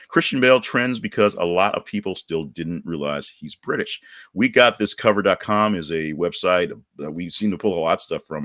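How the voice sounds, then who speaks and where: A very deep-voiced man talks loosely through news items and a sponsor read, with plenty of fillers and restarts. The sound is dry and close, with no room around it. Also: fairly bright tone, dry recording. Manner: rambling, loose and conversational with many fillers. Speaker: podcast host. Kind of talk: casual news chat with ad reads.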